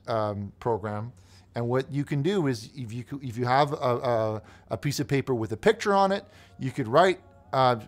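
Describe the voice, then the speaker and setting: A man hosts a comedic call-in show and reads faxes aloud. His voice sits at a middle pitch. He stumbles and restarts his sentences often, as if caught off guard. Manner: halting, flustered, many restarts. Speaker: host.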